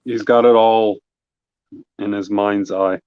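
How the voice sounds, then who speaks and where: A man's voice: fairly low pitch, fairly even intonation, slow pace, clean tone, no room sound, muffled recording. A man co-hosting a live stream, chatting casually and teasing the artist, often breaking into laughs. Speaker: co-host. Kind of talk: casual chat.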